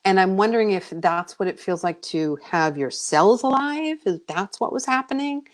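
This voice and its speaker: A middle-aged woman, a psychic medium, telling a long story on a radio interview in a chatty, animated way, with many fillers, acting out her own voice from back then. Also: mid-range voice, normal speed. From United States.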